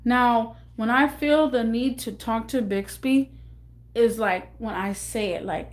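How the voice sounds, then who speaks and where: Halting, emotional young woman storyteller. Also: a little high. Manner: halting, repeats herself, rambling. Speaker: vlogger.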